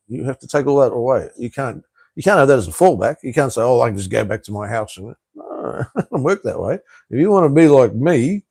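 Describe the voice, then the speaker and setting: A man's voice: medium pitch, creaky, mellow, dry recording. Blunt, swearing Australian man in his fifties. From Australia (Tasmania). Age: 50s. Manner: blunt, swears freely, chuckles between remarks. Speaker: live stream host. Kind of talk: casual live chat reading viewer comments.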